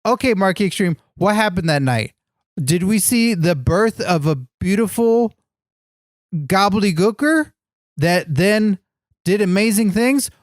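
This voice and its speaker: Man, comedy podcast co-host, goofy earnest enthusiasm, lively swooping pitch, dry sound. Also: unhurried, no room sound. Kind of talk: comedic banter.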